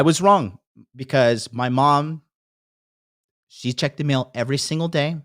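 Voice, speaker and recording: A man's voice: a little high, measured pace, long pauses, fairly bright tone, dry recording, clean studio sound. A man hosting a podcast, telling a heated story in a casual, profane rant and acting out the people he quotes. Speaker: podcast host. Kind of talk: casual ranting monologue.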